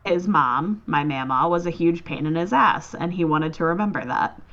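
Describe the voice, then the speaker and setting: A woman's voice: sits low, lively intonation, moderate pace, fairly bright tone, lo-fi sound. A young woman chatting as a podcast guest, enthusiastic and swearing freely. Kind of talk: casual chat.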